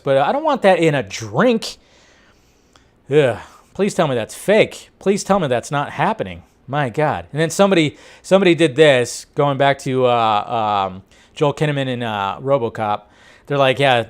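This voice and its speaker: A man with a slightly higher voice hosts a loose, rambling film news chat. He talks off the cuff with plenty of fillers. Now and then he jumps up in pitch and loudness when something surprises him. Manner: chatty, rambling, quick bursts of disbelief. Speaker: host.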